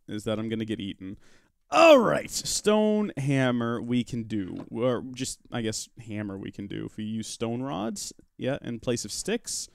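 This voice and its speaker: Male livestream host, animated up-and-down delivery, playful asides to chat, close dry mic. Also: mid-range voice, creaky, dry recording. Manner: chatty, joking asides, talks to chat and his pet rock. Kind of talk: live Minecraft modpack let's-play commentary.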